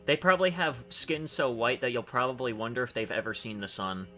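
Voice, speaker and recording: A man's voice: medium pitch, lively intonation, a little fast, sharp tone, faint music behind. A man co-hosting a stream, joking crudely and sarcastically in casual chat. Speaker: stream co-host.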